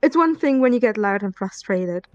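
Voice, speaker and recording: A woman's voice: mid-range voice, lively intonation, moderate pace, darkish tone, dry recording, dull audio, soft background music. A woman on a casual voice call, speaking in an earnest, strained way and swearing often.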